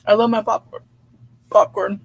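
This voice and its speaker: A woman hosting a relaxed livestream, chatting with viewers, laughing often and reading their comments aloud. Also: mid-range voice, normal speed, creaky, husky. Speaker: livestream host reading chat. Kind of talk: casual live chat.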